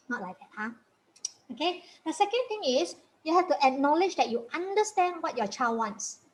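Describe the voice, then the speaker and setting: High-voiced, chatty woman parenting coach. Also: very animated, normal speed, a little mellow, rough recording. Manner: chatty and encouraging, laughs often, repeats points, tag questions. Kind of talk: informal parenting talk.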